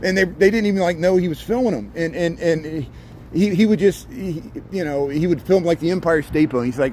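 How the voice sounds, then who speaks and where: A man's voice: a little high, fairly quick, a little mellow. A middle-aged man from Indiana giving rambling, chatty commentary as he walks a city street livestreaming, greeting people he passes. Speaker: walking livestream vlogger. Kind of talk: casual running commentary while walking. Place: city street outdoors at dusk. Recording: outdoor street noise and traffic.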